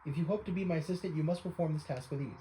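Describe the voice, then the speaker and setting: A man reads as an eccentric old photography devotee from a game, speaking in stiff, courtly phrases and calling his listener young sir. The voice stays mellow and dark. A faint hiss lies behind it. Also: fairly high pitch, very fast, echoey room, natural voice, low-quality recording. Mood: earnest. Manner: old-fashioned formal speech, addresses listener as young sir. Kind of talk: reading game dialogue aloud.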